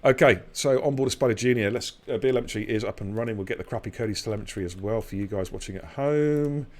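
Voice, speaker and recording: A middle-aged man, hosting a live sim racing stream with loud, excitable hype and cheeky banter. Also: fairly low pitch, quick pace. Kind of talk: live esports race commentary.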